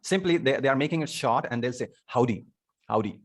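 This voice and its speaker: A man's voice: mid-range voice, quick pace. Man, Indian accent, English teacher, online class, video call, repeats points, quizzes students. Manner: repetitive, stops to ask students questions.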